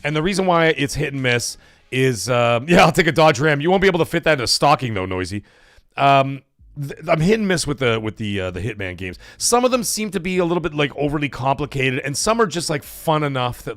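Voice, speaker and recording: A man hosts a loose live stream chat, rambling and swearing. His voice is gravelly and slightly high, with a lively, swooping pitch. The sound is dry and close. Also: no room sound. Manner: rambling, swears, heavy use of "like". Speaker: livestream host.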